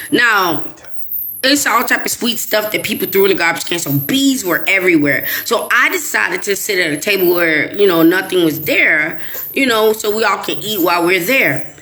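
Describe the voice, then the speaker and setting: A middle-aged woman from Chicago's West Side, telling a story in casual chat with lots of laughter and quoted voices. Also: mid-range voice. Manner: animated, laughing, quoting others in voices. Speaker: host. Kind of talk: casual storytelling to a live audience.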